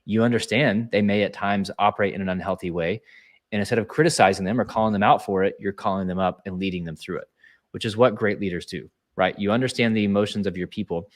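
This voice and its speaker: A man's voice: on the low side, fast talker. A man speaking as a leadership speaker in a casual webinar, talking earnestly in a coaching way with frequent restarts.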